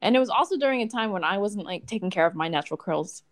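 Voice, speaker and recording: A woman's voice: mid-range voice, lively intonation, quick pace. A woman in casual conversation, telling personal stories expressively with laughing asides.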